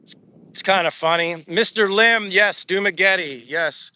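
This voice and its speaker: Strolling outdoors by the sea, a man from the United States livestreams his daily walk, casually reading out viewer comments and using lots of fillers. He has a high, unhurried voice that sounds sharp, clear, and resonant, captured in a dry recording.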